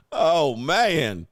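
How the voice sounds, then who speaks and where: A man hosting a reaction commentary show, mocking and lecturing the people in the clips he plays, often laughing. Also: on the high side. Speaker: commentary channel host.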